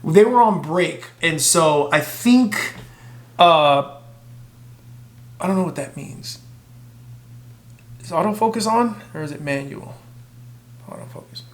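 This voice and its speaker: A man casually telling a profane, animated story to his camera. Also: fairly high pitch, takes it slowly, pauses often, echoey room. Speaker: vlogger.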